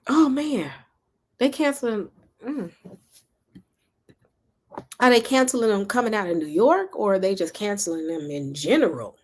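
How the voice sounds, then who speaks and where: A woman's voice: medium pitch, animated, moderate pace, pauses often, a little mellow. A woman from Memphis with a Southern accent, chatting and rambling casually on a livestream while reading comments. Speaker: livestream host.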